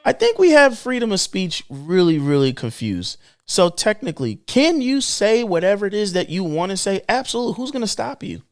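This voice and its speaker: Young male podcast co-host, smooth resonant voice, very animated delivery with big pitch swings. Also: moderate pace. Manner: animated, emphatic, swings between low drawl and excited high bursts. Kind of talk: casual podcast commentary.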